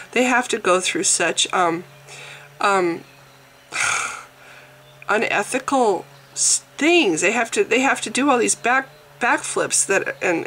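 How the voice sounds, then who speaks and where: A woman's voice: medium pitch, fairly bright tone, a little hiss or hum. A woman vlogger who is sick, ranting casually in an exasperated, mocking way and laughing now and then. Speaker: atheist vlogger. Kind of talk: casual vlog rant.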